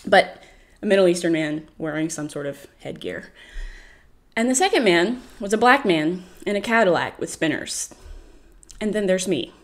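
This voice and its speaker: An American woman telling a travel story on a podcast in a casual, animated way, laughing often and acting out the people she quotes. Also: fairly low pitch, normal speed.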